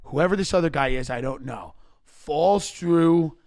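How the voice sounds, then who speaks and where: A man hosting a comedy podcast, telling stories in animated rants with frequent restarts. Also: fairly high pitch, unhurried.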